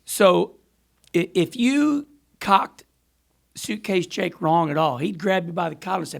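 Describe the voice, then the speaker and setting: Middle-aged male guest, high gravelly voice, animated storyteller. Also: a little slow. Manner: animated, rambling storyteller who laughs often. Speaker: podcast guest, former racer. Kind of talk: storytelling in casual chat.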